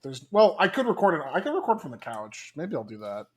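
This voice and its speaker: A man's voice: on the high side, very animated, fast, a little hiss or hum. A man co-hosting a casual book club podcast over a call from his studio apartment, joking in a dry way. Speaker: podcast co-host. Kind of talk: casual chat. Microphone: recorded remotely over a call.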